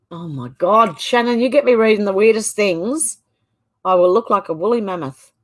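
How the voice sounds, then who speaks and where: An Australian woman hosting a casual live stream, reading viewers' comments aloud and reacting to each one. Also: medium pitch. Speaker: channel host.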